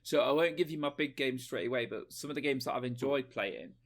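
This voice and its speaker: A man co-hosting a podcast, talking in an excitable, chatty way with jokey asides. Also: mid-range voice, a little fast. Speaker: podcast co-host. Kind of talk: casual chat.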